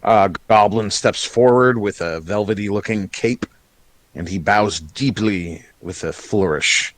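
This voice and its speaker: A man's voice: fairly low pitch, unhurried. A man narrating as game master in a casual tabletop role-playing session.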